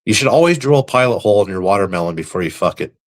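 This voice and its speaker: A man hosting a live stream, reading viewer comments aloud and answering them with deadpan, crude, mock-serious jokes. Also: fairly low pitch, racing. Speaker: livestream host reading chat. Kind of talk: casual live-stream banter.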